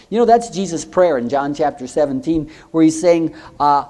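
Male preacher, earnest sermon delivery, a touch higher than usual, reads scripture, quiet emphasis. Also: lively intonation, normal speed, hardly any pauses. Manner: earnest, rhetorical questions, frequent "you know"; drops to soft, low tones on key points.

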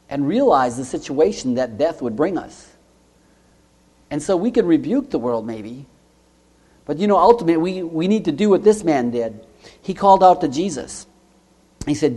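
A man preaching a sermon, earnest and full of rhetorical questions, reading scripture aloud and dropping softly on key points. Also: very animated, normal speed. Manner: earnest, rhetorical questions, frequent "you know"; drops to soft, low tones on key points.

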